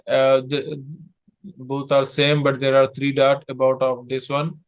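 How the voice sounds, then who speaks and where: A man teaching letters in an online lesson, patiently repeating sounds in halting English. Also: mid-range voice, monotone, clear, resonant tone. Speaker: Arabic tutor. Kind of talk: one-on-one online language lesson.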